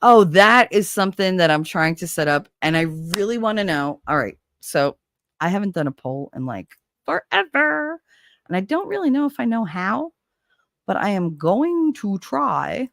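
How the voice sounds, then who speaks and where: A woman's voice: deep voice, dry recording. A middle-aged woman with a New Jersey accent, hosting a casual livestream chat in a candid, profane, chatty way. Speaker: livestream host.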